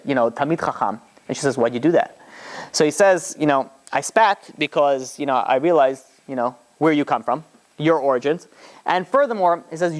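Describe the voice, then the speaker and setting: A rabbi retelling stories in a lecture, loose and chatty with many fillers, jumping up in pitch as he acts out quoted lines. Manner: animated retelling, voices quoted lines with sharp rises in pitch. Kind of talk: storytelling lecture.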